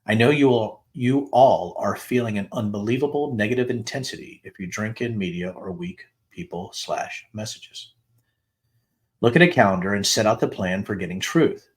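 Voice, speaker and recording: A middle-aged man with a lowish voice reads text messages aloud on his show, stating each date plainly before rising into the quoted lines. He drops in the odd dry aside between messages. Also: animated, moderate pace. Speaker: podcast host reading text messages aloud. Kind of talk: dramatic reading of texts with asides.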